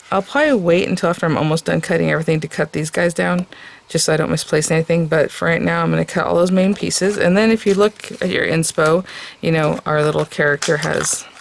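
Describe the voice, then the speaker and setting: A woman's voice: sits low, vocal fry, slight background noise. A woman hosting a casual crafting tutorial, chatting and thinking aloud as she works, with plenty of fillers.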